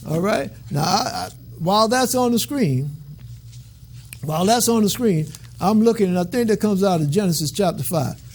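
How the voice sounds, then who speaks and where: A man's voice: high-pitched, expressive, moderate pace, slightly rough. A man teaching from scripture in a sermon, reading aloud and breaking off for casual, colloquial asides and frequent check-ins. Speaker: Bible teacher.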